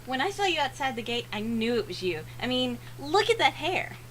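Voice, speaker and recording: A woman's voice: sits high, very animated, fairly quick, fairly bright tone, slight background noise, pitched above the performer's own voice. A woman voicing a bubbly, cheerful teenage schoolgirl roommate who talks in a squealy, giggly, over-the-top way. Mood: excited.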